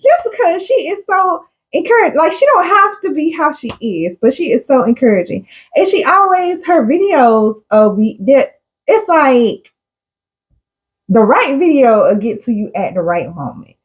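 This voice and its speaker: This woman talks in a fairly high voice that swings widely in pitch. She co-hosts a casual chat podcast and speaks earnestly and effusively, laughing often. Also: sing-song, moderate pace. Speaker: podcast co-host.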